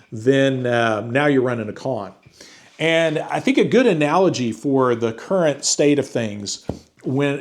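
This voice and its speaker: A relaxed man talking to his viewers from home in a loose, rambling way. His pitch sits at an ordinary middle level, and he speaks like he is chatting with friends rather than reading a script. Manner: relaxed, rambling, conversational with slang like "dude". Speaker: book review channel host. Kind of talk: casual talking-to-camera vlog. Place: at home with a chiming antique clock.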